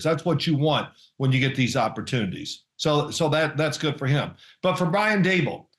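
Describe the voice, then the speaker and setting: Animated older man telling stories in an echoey room. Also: a little high. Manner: animated storyteller, mimics others, laughs often. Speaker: guest, former NFL quarterback and analyst. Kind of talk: casual remote interview.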